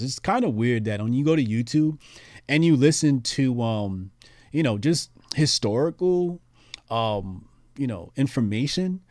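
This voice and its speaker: Dude chatting on his stream, mid pitch, lots of uhs, dry sound. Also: darkish tone, no echo. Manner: laid-back, rambling, frequent fillers. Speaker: livestream host. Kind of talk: casual livestream chat reading viewer messages.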